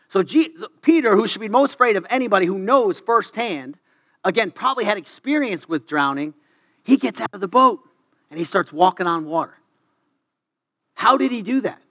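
A man who coaches wrestling gives a faith talk to his athletes, his voice sitting high for a man with a bright, forward edge. He talks in an excitable rush, tripping over his words and restarting lines. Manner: excitable, stumbling restarts and quick asides. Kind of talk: devotional talk to a sports team.

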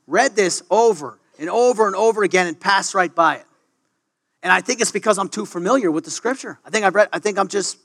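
A man who coaches wrestling gives a faith talk to his athletes, his voice sitting high for a man with a bright, forward edge. He talks in an excitable rush, tripping over his words and restarting lines. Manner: excitable, stumbling restarts and quick asides. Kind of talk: devotional talk to a sports team.

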